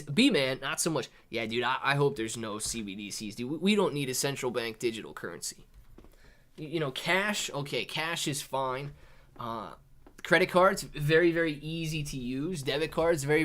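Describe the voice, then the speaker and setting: Male live-stream host, casual and chatty, lots of "dude" and "man," talking softly at home. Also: a little high. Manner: casual, says "dude" and "man" a lot, thinks aloud with restarts; talks softer to keep quiet near children. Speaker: livestream host reading chat.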